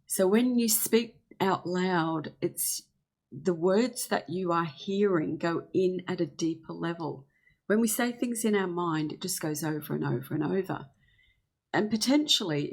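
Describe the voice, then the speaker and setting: A woman giving a gentle, earnest spiritual healing talk, slowing down to speak affirmations. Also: fairly low pitch. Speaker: spiritual teacher.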